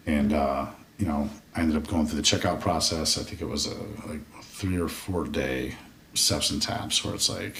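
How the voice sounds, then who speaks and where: A rumbling low, fairly bright voice at moderate pace belongs to a forties-aged military veteran appearing on a podcast. He tells his story openly and casually, cursing freely and acting out past thoughts as quoted asides. The mic sits far off in the studio room, so the sound is roomy with faint noise.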